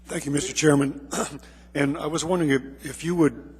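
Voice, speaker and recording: A man's voice: fairly high pitch, fairly even intonation, normal speed, husky. A man, an assembly member, politely asking a testifier a formal question during a meeting.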